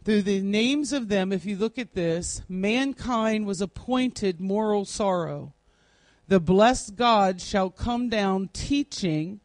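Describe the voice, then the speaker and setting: A woman leads a Bible class at a slow, unhurried pace, setting out each word's meaning one at a time. Her voice is recorded close and dry, with almost no room sound. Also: mid-range voice, darkish tone, no echo. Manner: deliberate, spells out word meanings one by one. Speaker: Bible study teacher. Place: classroom, writing on a board.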